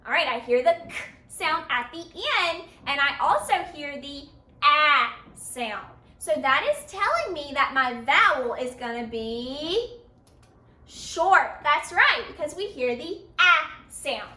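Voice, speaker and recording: A woman teaching a phonics lesson to children, sounding out words slowly and praising her pupils. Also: high voice, expressive, sharp tone. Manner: slow, stretched-out sounding of words, encouraging praise. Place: room with a board. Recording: echoey room, voice from a distance.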